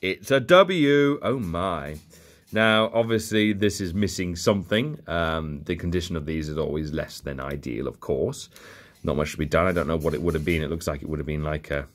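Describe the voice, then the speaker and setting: A man's voice: rumbling low, fairly even intonation, moderate pace. A young man rambling jokily through a bag of old toy cars. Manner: rambling, jokey, muttering asides. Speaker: toy collector vlogger. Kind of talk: casual unboxing commentary.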